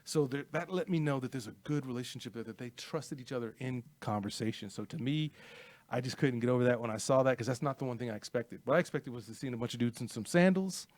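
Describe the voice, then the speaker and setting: A man co-hosting a casual film podcast, animated and acting out movie lines as he talks. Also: medium pitch, quick pace. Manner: animated, acts out movie lines with big swings. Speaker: podcast co-host.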